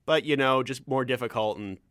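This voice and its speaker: A man's voice: mid-range voice, fairly quick, a bit bright, dry recording, studio quality. A Canadian man from Ontario hosting a solo podcast, rambling through tangents with frequent restarts and a slight stammer. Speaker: podcast host. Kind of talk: casual solo podcast chat.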